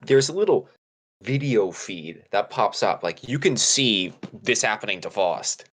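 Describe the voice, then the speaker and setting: A man narrating as game master in a relaxed, hesitant way, with many filler words. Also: lowish voice, unhurried.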